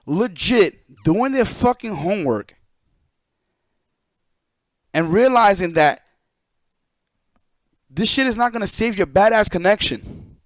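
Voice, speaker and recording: A high-pitched man on a live stream, ranting loosely and cursing freely as he explains things to his chat. His voice sits close and dry on the mic, with no room sound around it. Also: slow pace, long pauses, dry recording. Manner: profane, animated, talks to chat. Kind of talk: casual live-stream rant.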